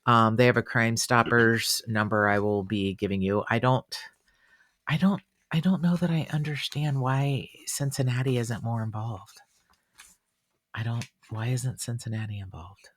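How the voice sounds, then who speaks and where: A man hosting a casual true-crime podcast, chatty and animated, with fillers and exclamations. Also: medium pitch, a little slow, no room sound. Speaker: podcast host.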